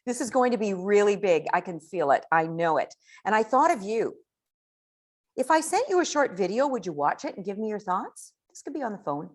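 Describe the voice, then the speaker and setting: A woman giving a casual coaching talk on network marketing, chatty and animated. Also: mid-range voice, brisk. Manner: chatty, animated, acts out quoted dialogue.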